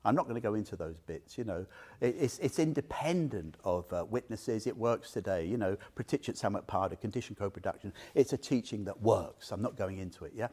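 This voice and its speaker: This Buddhist teacher has a lowish, slightly rough voice and a brisk delivery. Talking informally with a small group, he tells lively stories, quizzes his listeners, and laughs frequently.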